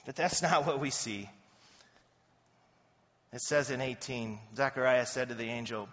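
A man giving a casual, animated sermon as a pastor, often slipping into quoted voices. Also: medium pitch, normal speed. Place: church hall. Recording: dull sound in a reverberant hall.

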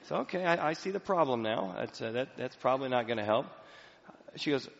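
A man's voice: mid-range voice, fast, gravelly. Male pastor preaching in an echoey hall. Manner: conversational storytelling, animated. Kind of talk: sermon. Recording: echoey hall, dull lo-fi sound.

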